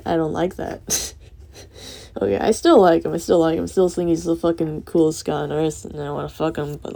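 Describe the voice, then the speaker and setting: A drowsy young woman ranting late at night, rambling and swearing with soft laughs breaking in. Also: deep voice, gravelly, slightly rough. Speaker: vlogger.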